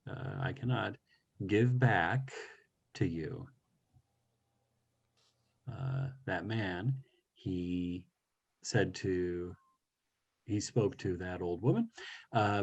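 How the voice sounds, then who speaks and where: Brief: very low-voiced man, unhurried teacher explaining word by word, dull lo-fi call audio. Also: gravelly, darkish tone, husky. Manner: thoughtful, teacherly, pauses with many uhs. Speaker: session leader. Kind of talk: language lesson, reading and explaining a story.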